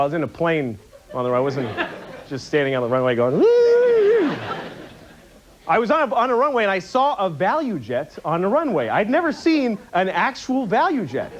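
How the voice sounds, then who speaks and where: A man's voice: high-pitched, a bit bright. A man doing a stand-up routine on a TV studio stage, with a rambling, mock-indignant observational delivery. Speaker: stand-up comedian. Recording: muffled TV broadcast with audience noise. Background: studio audience.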